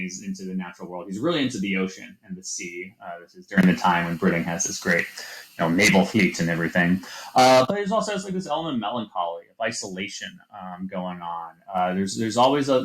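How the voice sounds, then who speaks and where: Male teacher, low voice, relaxed classroom lecture, loose and chatty with lots of fillers. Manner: casual, many fillers, reads lines aloud with stress. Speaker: literature teacher.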